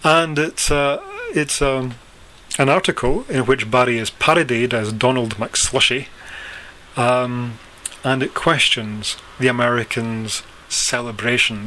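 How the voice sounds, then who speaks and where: A male lecturer talks through his material with a bright, forceful tone. He is measured and questioning and often pauses on fillers. A faint hum of room noise sits behind him. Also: mid-range voice, fairly even intonation. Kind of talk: recorded lecture.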